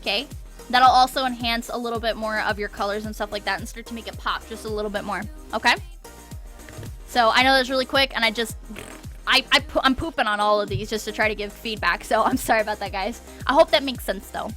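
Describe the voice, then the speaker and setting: A woman's voice: on the high side, fairly even intonation, fast talker, bright, forceful tone, soft background music. A woman streaming a live art critique, encouraging, often checking in with "okay?" and repeating words for emphasis.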